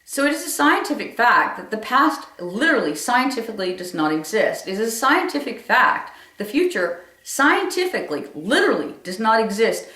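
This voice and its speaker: A woman's voice: fairly high pitch, big pitch swings, normal speed, few pauses, bright, forceful tone. Woman comic, emphatic storyteller who hammers phrases home; room echo, off-mic sound. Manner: emphatic, repeats phrases for effect. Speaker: comedian. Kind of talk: stand-up storytelling monologue. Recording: roomy echo from a distant mic.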